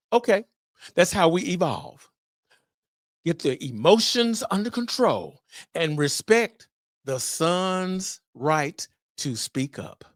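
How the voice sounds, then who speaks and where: A middle-aged man hosting a solo podcast on fatherhood, talking in an animated, preacher-like way with exclamations. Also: on the high side, no echo, clean studio sound. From Memphis area, US. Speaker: podcast host.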